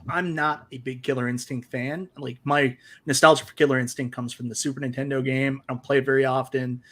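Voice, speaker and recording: A man's voice: medium pitch, fairly bright tone. A man co-hosting a casual gaming podcast, joking and trash-talking. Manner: playful trash talk. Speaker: co-host.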